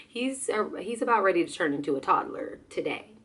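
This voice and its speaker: A young woman vlogger with a hoarse voice, chatting casually and animatedly about her baby. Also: lowish voice, a little fast. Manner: chatty, animated, slips into excited quoted voices. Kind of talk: casual chat.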